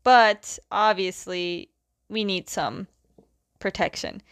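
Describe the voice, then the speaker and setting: A woman's voice: mid-range voice, takes it slowly, fairly bright tone, no echo, clean studio sound. A woman voicing an earnest, anxious young prince who talks hesitantly.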